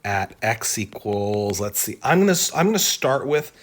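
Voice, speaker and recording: A man's voice: on the low side, sing-song, normal speed. A man teaching an exam-prep calculus lesson, thinking aloud as he works through the problem and often checking in with "right?". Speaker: math teacher.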